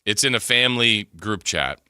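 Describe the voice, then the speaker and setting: A man co-hosting sports talk radio, chatting casually and telling a story with animated energy. His voice sits low yet sounds very bright and forceful, and it rises and falls a lot. The mic is close and dry. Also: normal speed, clean tone, dry recording. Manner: animated storyteller, gasps and laughs while telling. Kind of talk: casual chat. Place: radio studio.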